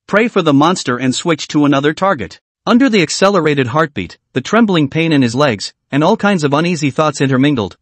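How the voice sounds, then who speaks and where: A man's voice: a little high, no echo. A man narrating a comic story recap with dramatic storytelling.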